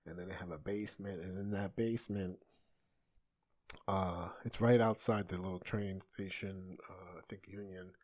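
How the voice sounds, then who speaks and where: A man in his thirties with a somewhat low voice talks alone on his podcast. As a comedian and host, he rambles casually, breaking off and restarting his sentences. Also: fairly even intonation, moderate pace, darkish tone. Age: 30s. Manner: rambling, self-interrupting, conversational. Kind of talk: solo podcast monologue.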